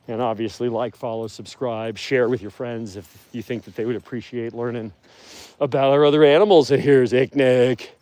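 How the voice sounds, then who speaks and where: A man of medium pitch rambles cheerfully through a casual livestream, laughing easily between asides. He is outdoors beside wolf enclosures, talking into a handheld phone. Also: dark tone, a little hiss or hum. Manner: rambling and chatty, with easy laughter. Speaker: wolf sanctuary host.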